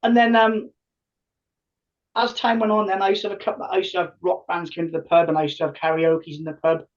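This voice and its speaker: A man's voice: high voice, fast talker, far from the mic. A man in his fifties, a podcast guest who tells stories animatedly and acts out what people said. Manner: animated, acts out quoted dialogue. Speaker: podcast guest, tribute band singer. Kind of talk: casual storytelling. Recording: muffled lo-fi audio.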